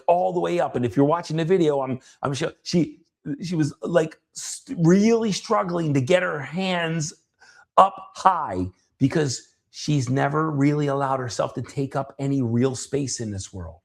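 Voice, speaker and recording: A man's voice: a little high, vocal fry. A man, a coach hosting his own show, telling a story in a casual, earnest way with frequent restarts and the odd swear word. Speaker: coach and podcast host.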